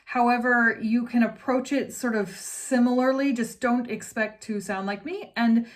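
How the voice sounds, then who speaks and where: A woman with a slightly high-pitched voice gives an informal singing lesson. She explains technique in a chatty, unhurried way, often pausing to think. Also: fairly even intonation. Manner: chatty, explanatory, with sung demonstrations. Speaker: singing teacher. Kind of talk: casual vocal lesson.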